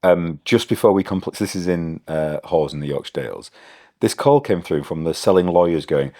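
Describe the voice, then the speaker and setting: A man's voice: sits low, normal speed, warm tone, no room sound, studio quality. A man hosting an interview, asking probing questions in a conversational, playful way. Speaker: interview host. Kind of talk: casual interview chat.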